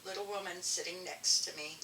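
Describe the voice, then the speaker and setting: An older woman, a guest elder and artist, telling animated stories in an interview with frequent restarts. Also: on the low side, fairly quick, a little hiss or hum. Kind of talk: storytelling interview. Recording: echoey room, distant mic, faint ambience.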